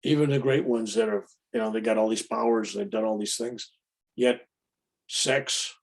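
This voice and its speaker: A man's voice: lowish voice, fairly even intonation, moderate pace, creaky. A man giving an informal, plainspoken spiritual talk, often acting out other people's voices. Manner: casual, plainspoken, acts out quoted voices. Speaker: spiritual teacher.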